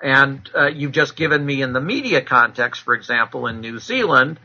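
Male expert guest: intense, lecturing delivery with pauses; dull lo-fi recording. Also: medium pitch, sharp tone. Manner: measured, lecturing, many filler pauses. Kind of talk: explanatory interview answers.

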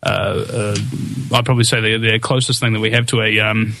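A man's voice: fairly low pitch, level tone, a little fast, creaky, pushed and bright, slight background noise. A man hosting a talk radio show, full of fillers and restarts, turning to emphatic, preaching delivery. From New Zealand. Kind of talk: impassioned political talk.

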